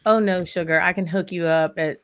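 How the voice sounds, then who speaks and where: A woman hosts a casual livestream chat. Her voice sits a little low, and she rambles along with plenty of fillers. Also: steady tone, brisk, a little hiss or hum. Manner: chatty, rambling with many fillers. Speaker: host.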